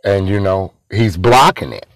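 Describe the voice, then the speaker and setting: A man's voice: deep voice, expressive, a little slow, dry recording. A man telling a story casually, rambling and repeating himself, talking to his listeners as y'all.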